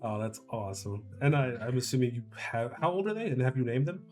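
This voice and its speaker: A man's voice: mid-range voice, expressive, quick pace, mellow, soft background music. A man in casual chat who rambles, repeats himself and laughs often. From Chicago area.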